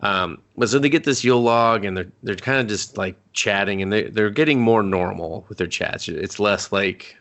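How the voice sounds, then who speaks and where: Man, low pitch, gravelly, casual movie podcast chat, rambling, swears. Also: normal speed, hardly any pauses, fairly bright tone. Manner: rambling, swears, acts out character lines. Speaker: podcast co-host.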